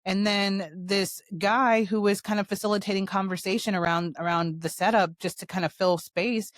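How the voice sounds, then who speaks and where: A woman hosting her own show, telling a personal story in a fast, animated, blunt way. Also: mid-range voice, dry recording. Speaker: show host.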